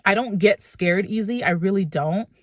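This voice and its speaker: A woman's voice: medium pitch, normal speed, no echo. Candid woman vlogging, dry close sound. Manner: emotional, candid venting. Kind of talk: casual personal vlog. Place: in a car, then inside a supermarket.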